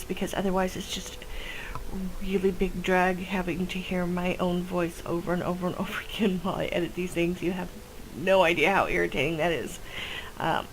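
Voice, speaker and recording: A woman's voice: medium pitch, a little hiss or hum, poor audio. A woman hosting a gameplay video, chatting casually and rambling with many fillers. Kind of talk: casual game commentary.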